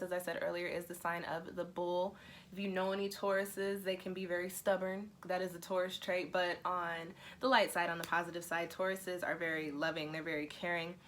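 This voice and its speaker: A woman's voice: deep voice, fairly bright tone, slight background noise. A woman hosting her astrology and tarot channel, talking in a chatty, emotional way with frequent laughs and fillers. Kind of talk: casual vlog explanation.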